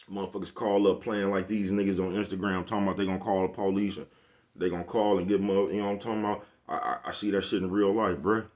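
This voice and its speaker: A man vlogging a casual, rambling monologue, blunt and profane, forever checking "you know what I'm talking about.". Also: low voice. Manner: blunt, profane street slang.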